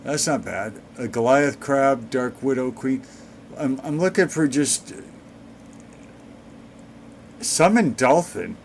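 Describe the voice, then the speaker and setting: A man talking over his own gameplay with dry, sarcastic asides, slow and unhurried in pace. His voice sits at a middling pitch with a faint hiss behind it. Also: animated, creaky. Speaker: let's play gamer. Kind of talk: gameplay commentary.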